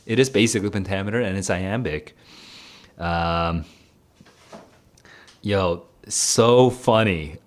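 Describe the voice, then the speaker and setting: A man's voice: sits low, takes it slowly, long pauses. A young man solving test questions aloud as a tutor streamer, laughing often, muttering as he reads and exclaiming "dude".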